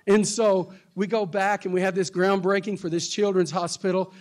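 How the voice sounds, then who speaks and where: A man's voice: sits high, level tone, normal speed. A man from Texas, a pastor, telling a story, laughing often and acting out the other people in it. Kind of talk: storytelling talk.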